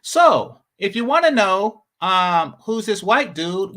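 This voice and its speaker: A man's voice: high voice, very animated, slow, few pauses, fairly bright tone. A man hosting a commentary channel, talking casually and sarcastically, repeating his points for emphasis.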